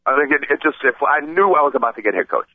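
A man telling a story in a casual chat, excited and rambling, often stammering and restarting. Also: medium pitch, rapid-fire, dry recording. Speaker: podcast regular telling a story. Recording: tinny phone-like sound.

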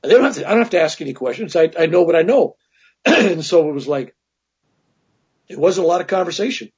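A man's voice: fairly high pitch, animated, a little fast, breathy edge. A man casually telling a personal story as an interview guest, rambling, with many restarts and asides. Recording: dull lo-fi recording.

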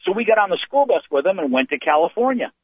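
Older male comic guest, rambling storyteller, slightly high voice, on a tinny phone line. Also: quick pace, slightly rough, no echo. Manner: rambling, animated storytelling with restarts. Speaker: comedian guest. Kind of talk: anecdotal storytelling. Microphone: phone call.

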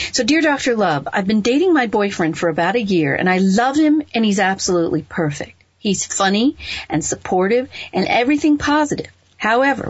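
A woman's voice: medium pitch, breathy edge, no echo. A woman hosting an advice show in a playful, chatty way, laughing at her own rhymes and slips. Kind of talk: casual radio-style advice talk. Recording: dull lo-fi dry sound.

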